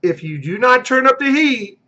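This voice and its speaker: A man with a high, bright voice coaches on sales in an emphatic, punchy way. He hammers key phrases again and again and acts out quick role-play exchanges. The recording sounds a little dull and lo-fi. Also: lively intonation. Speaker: real estate team recruiter. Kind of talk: motivational sales coaching monologue.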